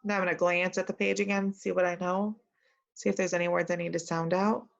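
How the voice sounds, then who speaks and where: Gravelly woman teaching early reading. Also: on the low side, flat delivery. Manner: reads sentences slowly and models sounding out words. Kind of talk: early reading lesson for young children. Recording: dull lo-fi recording.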